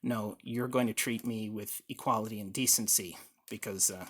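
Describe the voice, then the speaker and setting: A man's voice: on the low side, fairly even intonation, normal speed, breathy edge, voice pushed down. A man voicing a meek, hesitant male patient in group therapy who halts and placates, in an amateur one-man reenactment. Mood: timid.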